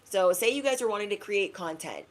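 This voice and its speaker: A young woman giving a casual spiritual pep talk to her viewers, chatty and slangy, acting out quick asides. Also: mid-range voice, animated. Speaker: spiritual reader.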